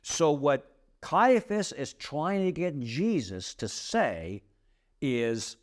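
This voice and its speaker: A man leads a podcast Bible study in a lively, swooping voice that climbs and dips a lot, set a touch high for a man. He takes his time and lays each point out slowly. He tells the story with emphatic drama and keeps checking in with his listeners. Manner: peppers explanations with checking tags like "okay?" and "right?".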